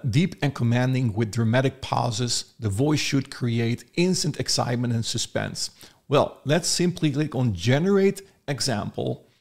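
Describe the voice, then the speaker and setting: A man giving an enthusiastic, step-by-step software review. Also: mid-range voice. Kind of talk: screen-recorded product review.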